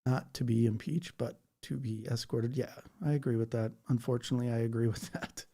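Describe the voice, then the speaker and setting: A man's voice: mid-range voice, steady tone, brisk, warm tone. Chatty man rambling on a livestream. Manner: rambling, chatty, reads chat comments aloud. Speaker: livestream host. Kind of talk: casual livestream chat.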